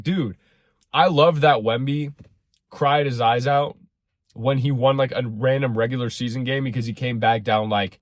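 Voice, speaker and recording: A man's voice: medium pitch, dry recording, clean studio sound. A young man delivering a sarcastic, rambling sports rant in a casual monologue. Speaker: sports commentary creator.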